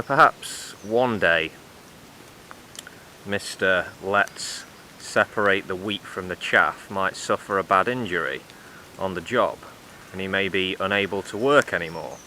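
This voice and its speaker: A man giving sarcastic, deadpan commentary in a vlog with dry, mocking asides. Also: lowish voice, slight background noise. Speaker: vlogger.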